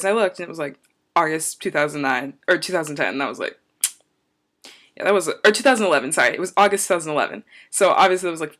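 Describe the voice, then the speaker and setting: A woman's voice: lowish voice, fairly bright tone. Chatty young woman vlogging on tangents. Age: young adult. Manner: rambling, going off on tangents; chatty and upbeat. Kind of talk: casual chat to camera.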